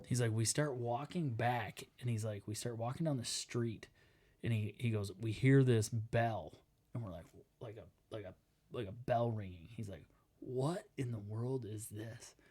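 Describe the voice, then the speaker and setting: Man, podcast co-host, casual chat, animated storyteller, acts out quotes, mid-range voice. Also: mid-range voice, a little slow, breathy edge.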